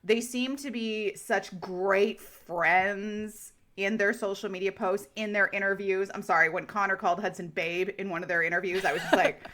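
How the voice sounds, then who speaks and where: A woman co-hosting a podcast in casual chat, excitable and swearing freely as she talks in quick bursts. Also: mid-range voice. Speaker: podcast co-host.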